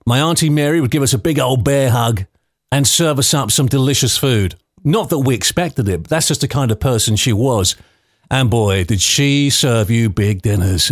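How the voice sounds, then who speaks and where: On his podcast, a man in his fifties from London tells personal stories, chatty and nostalgic, breaking into light laughter now and then. The voice is mid-range, and the recording is dry with clean studio quality.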